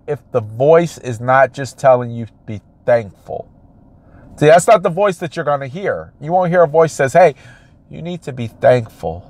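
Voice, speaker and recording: A man's voice: medium pitch, a little mellow, no echo. A man, a realtor, giving an emphatic motivational talk and repeating his phrases for effect. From United States.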